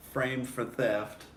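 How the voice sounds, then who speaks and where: A man hosting a comedy podcast, joking in a casual chat and laughing often. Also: mid-range voice. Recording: echoey room, faint hiss.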